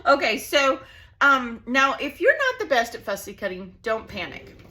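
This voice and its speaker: A bubbly woman chats her way through a craft tutorial at her home table. Her voice is bright and forceful, and it swings all over the place as she gushes. She sounds casual and friendly, like she is talking to regulars. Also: fairly high pitch, wildly swooping pitch, normal speed. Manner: bubbly, chatty, gushing. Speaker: crafting channel host.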